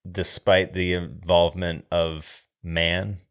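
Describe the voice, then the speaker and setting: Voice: sits low, little pitch movement, slow pace, clean tone. A podcast co-host in casual film chat, asking dry, teasing questions.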